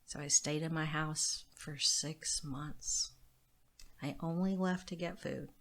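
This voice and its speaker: Low, gravelly middle-aged woman. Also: steady tone, takes it slowly. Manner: soft, often drops to a near whisper while recounting. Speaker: podcast guest. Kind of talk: candid interview storytelling.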